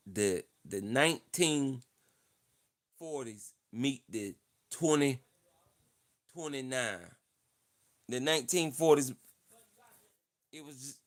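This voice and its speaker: A man hosting a casual livestream speaks in a mid-range, somewhat bright voice. Playful and boastful, he does mock-campaign talk and repeats his lines over and over.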